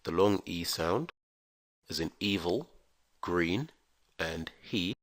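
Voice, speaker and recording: A man teaching English pronunciation in a careful, scripted lesson, spelling out letters and sounds with slow, deliberate enunciation. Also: sits low, dry recording.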